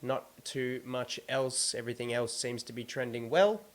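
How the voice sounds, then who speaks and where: A man's voice: mid-range voice, moderate pace. A man with an Australian accent hosting a casual sports podcast, running through team news in an easygoing way. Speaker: podcast host.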